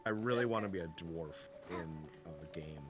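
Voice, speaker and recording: A man chatting casually as a guest on a game stream, relaxed and joking. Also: sits low, normal speed, over music. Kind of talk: casual chat while gaming.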